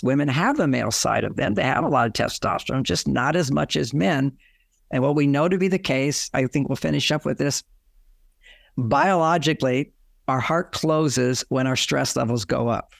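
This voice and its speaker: A man's voice: medium pitch, lively intonation, moderate pace, vocal fry, no echo, clean studio sound. An older man, a relationship author, giving advice in an interview and acting out the lines couples say. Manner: explanatory, acts out quoted lines.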